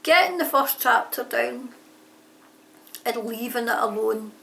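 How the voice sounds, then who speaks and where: A woman's voice: on the high side, expressive, a little slow, vocal fry, pushed and bright. A woman chatting casually about her writing, rambling and often correcting herself mid-sentence. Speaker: aspiring author answering a tag. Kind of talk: casual chat. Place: home near a railway line. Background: trains passing.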